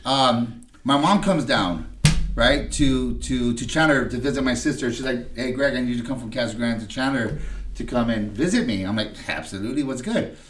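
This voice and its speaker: A man's voice: medium pitch, normal speed, soft background music. A man guest on a podcast telling his recovery story with emotion, often checking in with "right?" and restarting his words. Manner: emotional, tag questions "right?" between phrases.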